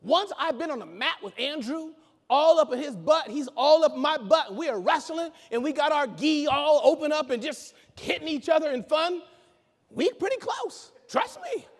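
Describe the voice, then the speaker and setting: A man giving an energetic conference keynote, joking and bantering with the audience from the stage. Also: very high-pitched, moderate pace. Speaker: keynote speaker. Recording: echoey hall reverb.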